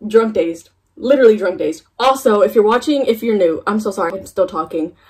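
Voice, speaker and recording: A woman's voice: medium pitch, a little fast, darkish tone, breathy edge. A young woman vlogging a K-pop reaction, gushing and fangirling, with a tired voice after waking up early. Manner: gushing, fangirling, lots of "oh my god" and "like". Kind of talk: excited reaction vlog chat. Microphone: phone camera.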